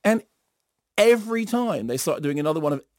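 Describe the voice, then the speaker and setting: A middle-aged man giving an animated, sardonic film review in a radio studio, acting out bits in silly voices. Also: fairly high pitch, brisk, no room sound. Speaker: film critic.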